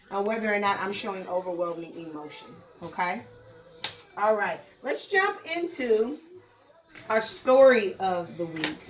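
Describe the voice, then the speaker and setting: A woman's voice: mid-range voice, a bit bright, echoey room, distant mic, low-quality recording. A woman teaching a recorded lesson to young children in a sing-song, encouraging way, stressing words for emphasis.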